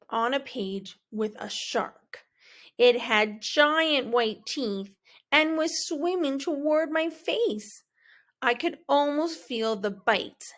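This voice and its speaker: A woman reading a children's picture book aloud in a slow, expressive, dramatic way. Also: on the high side. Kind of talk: storybook read-aloud.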